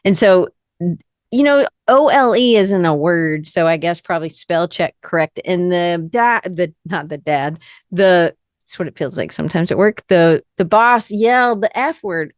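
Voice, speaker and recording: A Southern American woman hosting a podcast, talking casually in a rambling, lively way that often stops and restarts. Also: lowish voice, a little slow, dry recording, studio quality. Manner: rambling, lively, self-interrupting. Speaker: podcast host. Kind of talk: casual conversation.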